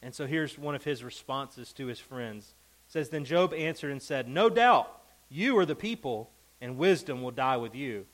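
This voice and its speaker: A man's voice: mid-range voice, fairly bright tone, rough recording. A man teaching a Bible lesson to a class. He reads scripture with emphasis and keeps checking in with the group.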